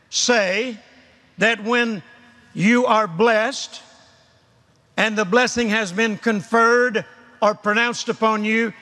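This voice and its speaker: Older male preacher, drawn-out emphatic delivery, bright tone, large convention hall. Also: sits high, slight background noise. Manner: emphatic, repetitive, leads crowd call-and-response. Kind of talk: sermon. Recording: long hall reverb.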